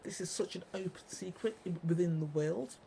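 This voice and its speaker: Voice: mid-range voice, brisk, vocal fry, warm tone, a little hiss or hum, low-quality recording. A speaker in an angry monologue to viewers, ranting, repeating and swearing heavily. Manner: ranting, heavily profane, repetitive. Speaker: vlogger.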